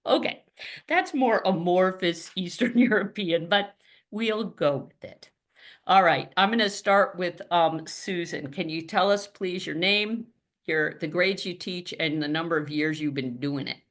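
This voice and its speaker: A woman with a slightly low voice hosts a group video call. She talks in a loose, lively way, laughs often and swears freely. Her voice comes through a video-call mic. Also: a little slow. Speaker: podcast host running a video-call salon. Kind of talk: casual chat.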